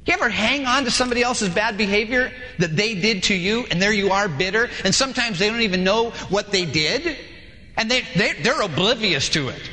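A male pastor preaching a sermon in a lively way, acting out dialogues in different voices, in a large church hall. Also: high voice, a little fast. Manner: animated, acts out dialogues with shifting voices. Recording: long hall reverb.

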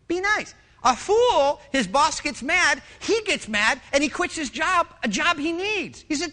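Male pastor, middle-aged, passionate sermon, loud then hushed, bright tone, animated pitch. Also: unhurried, few pauses.

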